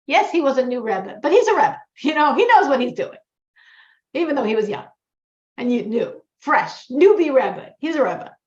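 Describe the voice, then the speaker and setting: A woman's voice: high voice, normal speed. A woman teaching a religious class, telling stories and acting out the characters' lines as she quotes them. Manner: storytelling, animated quoting of characters. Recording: echoey, dull lo-fi room sound.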